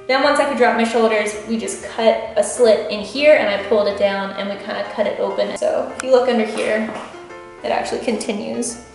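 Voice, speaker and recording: Woman host, fairly high voice, chatty and a bit breathless; very echoey room, faint music. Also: vocal fry. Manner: chatty, explains details with emphatic jumps in pitch. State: slightly out of breath from a tight corset. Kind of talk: casual costume walkthrough.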